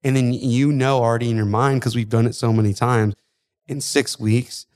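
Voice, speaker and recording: A man's voice: mid-range voice, fairly even intonation, moderate pace, darkish tone. A man co-hosting a casual podcast, a fitness coach speaking earnestly and steadily about his team.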